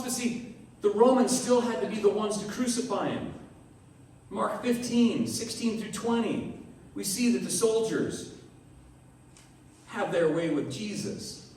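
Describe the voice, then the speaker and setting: A man's voice: high-pitched, unhurried, a little mellow, slight background noise. A man preaching a sermon as pastor, talking in a conversational way and acting out the voices of people in the story. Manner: conversational, acts out quoted voices. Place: church hall. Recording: echoey room, heard from a distance.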